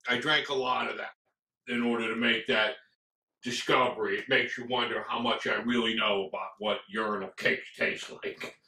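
A man delivering a scripted comic rant about drinks, building up to shouts. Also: mid-range voice, steady tone, normal speed. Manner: ranting, escalating to shouts. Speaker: comedian reviewing drinks. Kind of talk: scripted comedic monologue. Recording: roomy echo.

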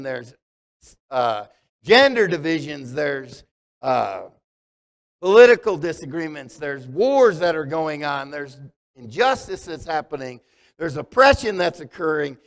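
A man's voice: sits high, a bit bright. A man preaching a conversational sermon as pastor, asking the congregation questions. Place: church sanctuary. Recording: long hall reverb.

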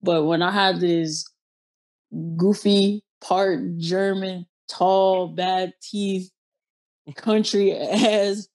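A woman from Ohio hosting a podcast, telling personal stories in a slangy, blunt, animated way. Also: medium pitch. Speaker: podcast host. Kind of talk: casual podcast chat.

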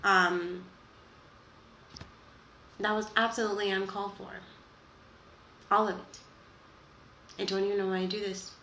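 A woman's voice: medium pitch, little pitch movement, a little slow, long pauses, pushed and bright. A young woman vlogging a casual reaction to camera, dramatic and exasperated, often trailing off and restarting, in a room at home. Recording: echoey room with faint background noise.

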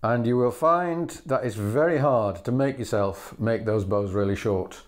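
A man's voice: mid-range voice, unhurried, faint music behind. A man teaching fiddle bowing in a patient, methodical way, singing the rhythms aloud between spoken steps. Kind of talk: instructional demonstration. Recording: loud fiddle playing between phrases.

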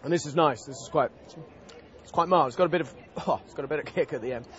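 A man's voice: on the high side, fast talker, a bit bright, dull audio. A man demonstrating a cooking dish as a TV chef, talking in a casual, chatty and enthusiastic way at an outdoor food festival.

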